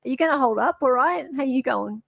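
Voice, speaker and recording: High-voiced Australian woman hosting a livestream. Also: expressive, fast, vocal fry, a bit bright, no room sound, clean studio sound. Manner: chatty, reads viewer comments aloud. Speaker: livestream host. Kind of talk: casual livestream chat.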